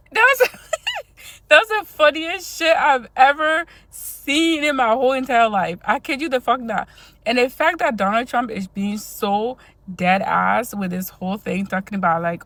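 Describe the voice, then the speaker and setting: A woman's voice: a little high, expressive, takes it slowly, bright, forceful tone, no room sound. A woman from Liberia delivering a heated, profane casual rant full of rhetorical questions. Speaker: social media commentator.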